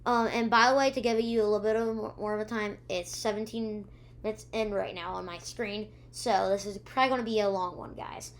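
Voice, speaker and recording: A woman's voice: mid-range voice, steady tone, a little fast, a little hiss or hum. A female reviewer recapping episodes in a rambling way, with many ums and restarts, acting out the characters' lines. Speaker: video reviewer.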